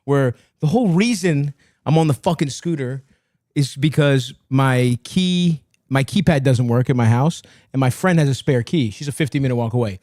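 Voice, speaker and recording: A man in his thirties telling a story on a podcast in casual chat, profane and self-mocking, jumping into high voices for quotes. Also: moderate pace, darkish tone, no room sound, clean studio sound.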